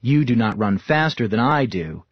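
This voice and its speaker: A man's voice: mid-range voice, lively intonation, normal speed, breathy edge, lo-fi sound. A man voicing a stubborn young boy twin. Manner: contradicting, stubborn.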